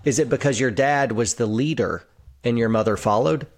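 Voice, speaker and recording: A man's voice: medium pitch, normal speed. Male host, earnest, affirming, conversational interview. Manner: earnest, frequent affirmations, rephrases questions. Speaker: podcast host.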